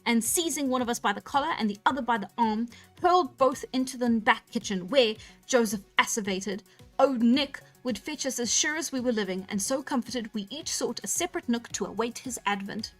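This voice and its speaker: Woman reading a novel aloud on a stream, kinda high voice, faint music behind. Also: brisk. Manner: relaxed and chatty, laughing at her own slips. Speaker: storyteller.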